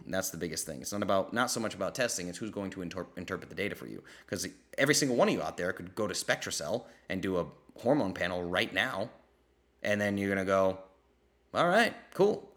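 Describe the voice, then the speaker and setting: Bright-voiced, fired-up man. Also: on the low side. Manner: blunt, fired-up, swears for emphasis; mimics people in quoted voices. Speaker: podcast host answering listener questions. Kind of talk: live Q&A chat.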